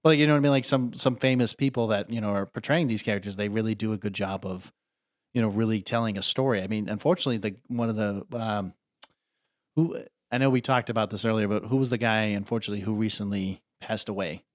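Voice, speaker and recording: A man's voice: lowish voice, steady tone, fast talker, no room sound, clean studio sound. A man co-hosting a podcast, rambling casually and leaning on "I mean" and "like.". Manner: rambling, leans heavily on "I mean" and "like". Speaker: podcast co-host. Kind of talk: casual chat.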